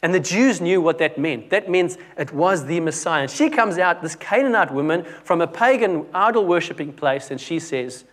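A man's voice: on the high side, lively intonation, moderate pace, hardly any pauses. A young man preaching a conversational sermon, often dropping his voice to stress a point. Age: young adult. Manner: conversational, with restarts and dramatic drops in volume.

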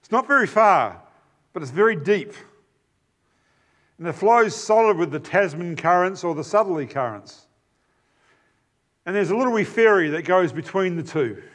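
A man with a New Zealand accent preaching a sermon in a conversational way, pausing with fillers and turning to the congregation with asides. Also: sits high, animated, a bit bright.

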